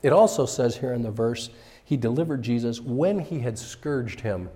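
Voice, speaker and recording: A man's voice: medium pitch, expressive, moderate pace, warm tone. A male pastor preaching a sermon in a conversational way, sometimes acting out what people in the story say. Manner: conversational, acts out characters' voices. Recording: hall reverb.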